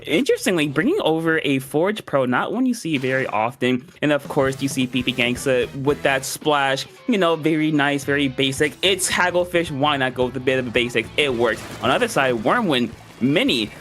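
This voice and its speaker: A man's voice: mid-range voice, lively intonation, a little fast, hardly any pauses, fairly bright tone, faint music behind. A man giving laid-back, joking color commentary on an online video game tournament. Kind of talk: esports commentary.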